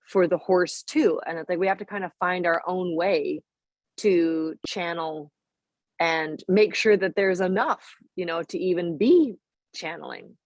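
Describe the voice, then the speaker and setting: A woman's voice: fairly low pitch, a little slow, a little mellow, no echo. A woman hosting a video call meeting, an enthusiastic dressage trainer chatting casually with many "like"s. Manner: enthusiastic, filler "like" and "right?". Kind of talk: casual chat.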